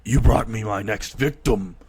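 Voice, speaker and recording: Man doing a deep-voiced creepy criminal. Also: unhurried, darkish tone, slight background noise, close to an everyday voice. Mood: menacing. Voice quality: deep, low voice. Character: creepy male criminal who kicks people.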